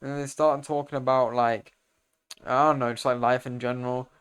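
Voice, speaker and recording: Rambling young man with a smooth voice. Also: mid-range voice, brisk. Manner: rambling, slangy, self-correcting, gets loud and excited over fight scenes. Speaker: video creator explaining comics. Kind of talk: casual comic recap commentary.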